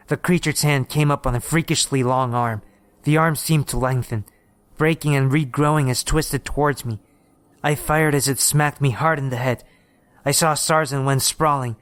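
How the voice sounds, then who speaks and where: A man reading a horror story aloud in steady, measured scripted narration. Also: medium pitch, smooth, no echo.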